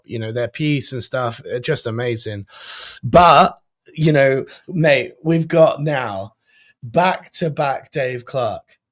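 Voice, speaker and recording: An excitable man hosts a live online show with loose, gushing chat full of "you know" and "mate". His voice is medium in pitch and sounds close and dry, with no room echo. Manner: enthusiastic, chatty, lots of fillers. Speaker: host.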